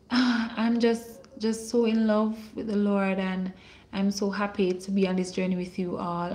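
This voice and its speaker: Woman minister on a live stream, slow unhurried delivery, calling out names and praying, prophetic. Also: medium pitch. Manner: slow and warm, calling out viewers' names and blessing them; preachy, prophetic declarations. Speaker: online minister hosting a livestream. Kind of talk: livestream greetings and prayer.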